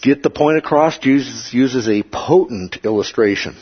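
A man with a husky, slightly rough voice teaches a Bible study in a plain, measured manner and pauses often to check that his listeners follow. The recording sounds dull and lo-fi. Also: medium pitch.

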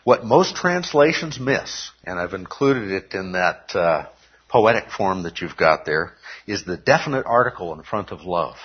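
A man's voice: sits low, expressive, measured pace, slightly rough. A man preaching a sermon to his congregation, teaching step by step and often checking in with "okay?". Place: church service. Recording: dull lo-fi recording.

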